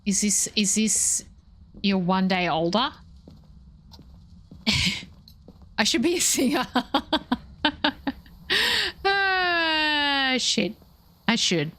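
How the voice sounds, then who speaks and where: A woman's voice: medium pitch, lively intonation, takes it slowly, long pauses, a bit bright. A playful, chatty woman in her thirties with an Australian accent, talking casually with viewers while streaming a game. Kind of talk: casual gameplay commentary.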